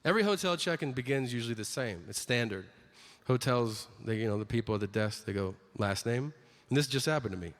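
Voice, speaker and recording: A man's voice: medium pitch, expressive, a little fast. Man telling a stand-up story in a hall. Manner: storytelling, acting out voices with sudden loud outbursts. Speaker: stand-up comedian. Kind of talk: stand-up comedy set. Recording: live hall with long reverb and audience noise.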